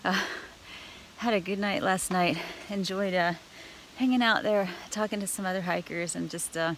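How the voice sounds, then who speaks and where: A woman talking casually through a trail vlog, chatty and quick to laugh, recorded outdoors on a handheld camera. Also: medium pitch, steady tone, a bit bright, a little hiss or hum. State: out of breath on climbs. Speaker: hiker vlogger.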